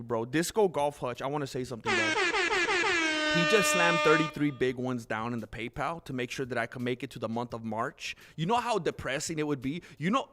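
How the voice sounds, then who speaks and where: A man's voice: mid-range voice, fairly bright tone. A man hosting a casual live stream, chatting loosely to his viewers, calling them "bro" and laughing often. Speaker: livestream host.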